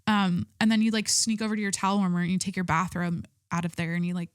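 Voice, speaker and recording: A woman's voice: on the low side, steady tone, fast, clear, resonant tone, no echo, clean studio sound. Chatty, foul-mouthed woman podcast host. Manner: chatty, swears freely, rambling with fillers. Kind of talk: casual solo podcast chat.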